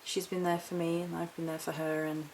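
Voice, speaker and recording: A woman's voice: fairly low pitch, flat delivery, brisk, noisy background. A woman chatting casually through a haul vlog, rambling and correcting herself as she goes. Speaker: witchcraft vlogger.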